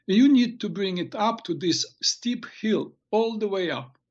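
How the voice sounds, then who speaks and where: A man's voice: high-pitched, animated, unhurried, highs cut off, pitched above the performer's own voice. A man voicing a wise old male shaman who patiently gives instructions.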